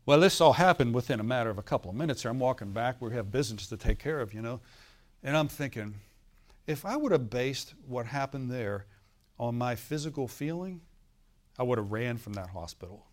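A man's voice: medium pitch, animated, a little fast. A male pastor preaching a sermon, telling a story and often asking the congregation for an amen, with a laugh now and then.

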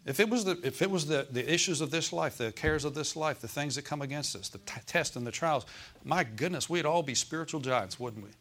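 A man's voice: a little high, expressive, brisk, fairly bright tone. Man preaching, calling for amens. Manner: calls for amens, repeats phrases for emphasis. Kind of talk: sermon.

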